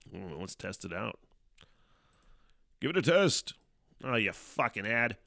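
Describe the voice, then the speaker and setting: Man, podcast host, low voice, rambling, swears a lot, self-mocking. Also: big pitch swings, measured pace, vocal fry, bright, forceful tone, dry recording, studio quality. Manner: profane, rambling, self-mocking, laughs often. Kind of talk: casual solo live-stream podcast. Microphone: headphones on, desk mic.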